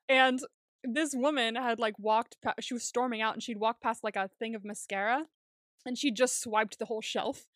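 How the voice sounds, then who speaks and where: Young woman podcast cohost, kinda high voice, dry close sound, laughs a lot while telling stories. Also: fairly even intonation, moderate pace, no echo. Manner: chatty storytelling, laughs often, acts out quotes. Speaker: podcast co-host. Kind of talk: casual chat.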